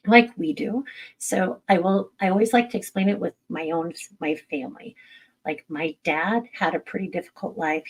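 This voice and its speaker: Gravelly, husky woman talking frankly. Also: lowish voice, rough recording. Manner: candid, blunt, swears casually, laughs at herself. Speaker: medium answering viewer questions. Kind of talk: casual live-stream Q&A.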